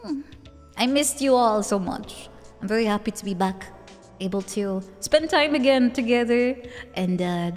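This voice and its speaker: Giggly Dutch-accented woman streamer, high voice. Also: animated, moderate pace, a little mellow. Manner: giggly, teasing, self-mocking. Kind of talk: casual chat with live chat. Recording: long reverb with faint music behind.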